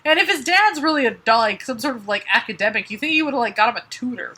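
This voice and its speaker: Bright, wry woman recapping a comic. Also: on the high side, animated, fast, husky. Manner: wry, recaps plots with mock dialogue. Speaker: podcast co-host. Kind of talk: casual comedic chat.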